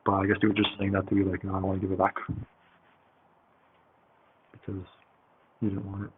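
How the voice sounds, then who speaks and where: A man's voice: low-pitched, completely flat delivery, fairly quick. A man telling a story in a casual, rambling way, with lots of fillers and swearing. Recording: tinny phone-like audio with faint hiss.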